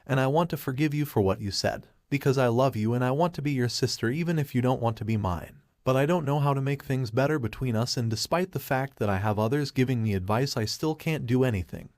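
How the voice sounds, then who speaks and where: A man's voice: medium pitch, fast, hardly any pauses, a little mellow, dry recording, natural voice. A man reading the heartfelt, pleading letter of a frightened younger sister, close and dry. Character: shy, scared younger sister writing a letter.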